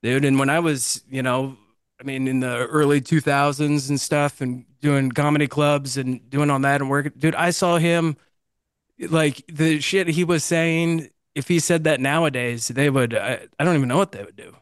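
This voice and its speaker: A man with a somewhat high voice chats in loose slang and keeps saying "dude." His voice sounds close and dry on the mic. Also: fairly even intonation, normal speed, clear, resonant tone, no echo. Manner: chatty, slangy, says "dude" often. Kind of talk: casual chat.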